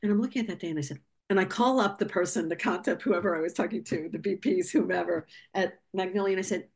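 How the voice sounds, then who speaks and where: A woman filmmaker telling a lively story on a video call, talkative and animated, acting out the voices of people she quotes. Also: fairly low pitch, quick pace, gravelly. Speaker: documentary filmmaker, guest.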